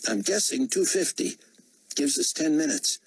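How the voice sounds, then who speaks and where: A man's voice: a little high, expressive, moderate pace, slight background noise, pitched above the performer's own voice. A man voicing a fussy, chatty male executive in an audiobook. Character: fussy male executive fiddling with his watch.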